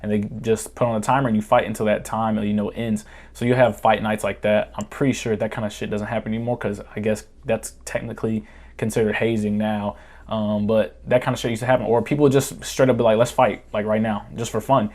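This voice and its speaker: Profane low-voiced man telling war stories. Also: flat delivery, a little fast, darkish tone. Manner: profane, rambling, laughs while telling. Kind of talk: casual storytime vlog.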